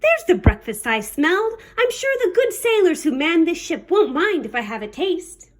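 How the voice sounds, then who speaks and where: A woman voicing a lonesome, friendly young girl in a children's storybook read-aloud, with eager, bright calls. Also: extremely high pitch, sing-song, moderate pace, voice pushed up.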